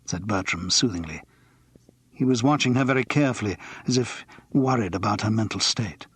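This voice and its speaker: Male audiobook narrator, husky, measured, dry studio sound. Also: lowish voice, no echo. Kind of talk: scripted narration.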